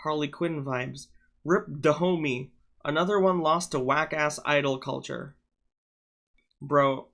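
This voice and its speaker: A man's voice: on the high side, slow, gravelly, fairly bright tone. A man streaming live, chatting casually and irreverently while reacting to clips on a studio microphone. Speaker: livestreamer.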